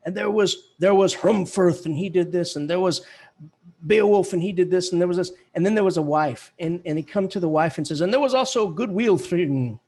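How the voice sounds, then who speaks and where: A man teaching a college English class, lively and casual, chanting poetic rhythms aloud to show the beat. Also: high voice, a little fast. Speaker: English professor. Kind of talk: classroom lecture.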